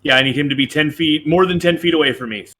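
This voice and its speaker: A man's voice: fairly high pitch, fast talker, fairly bright tone. A man playing a tabletop game, hesitant with many ums, then rattling off rules explanations. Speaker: player.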